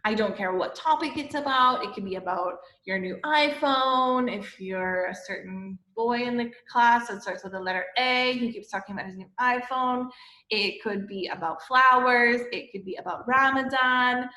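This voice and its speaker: A woman teacher giving a lesson to young children, explaining slowly and patiently and often checking with "okay?". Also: fairly high pitch, pushed and bright. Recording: echoey room.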